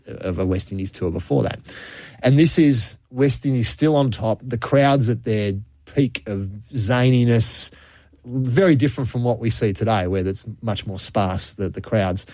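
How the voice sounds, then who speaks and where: A man's voice: lowish voice, a little mellow, no echo. An Australian man on cricket radio, chatting casually and telling stories from the game's history, chuckling as he goes. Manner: storytelling, chuckles often, with frequent restarts.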